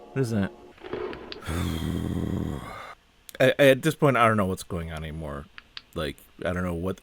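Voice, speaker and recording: A man with a slightly low voice talks through a film in casual reaction commentary. He comes across as baffled and increasingly fed up. He keeps asking what he is looking at and often breaks off mid-sentence to start again. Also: noisy background. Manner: puzzled, exasperated, asks many questions; trails off and restarts mid-sentence.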